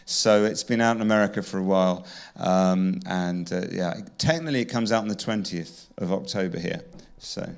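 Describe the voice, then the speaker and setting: A man's voice: deep voice, normal speed, gravelly, hardly any pauses, smooth. An English man, the author at a live book launch, answering questions with wry humor and reading his own pages aloud to an audience. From England. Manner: wry, self-deprecating humor. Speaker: author being interviewed. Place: event venue with audience.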